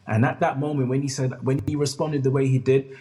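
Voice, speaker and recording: A man's voice: medium pitch, fairly even intonation, a little fast, mellow. Earnest man telling a story. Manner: earnest, repeats phrases, addresses host by name. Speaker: guest storyteller. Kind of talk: emotional personal storytelling. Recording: long hall reverb.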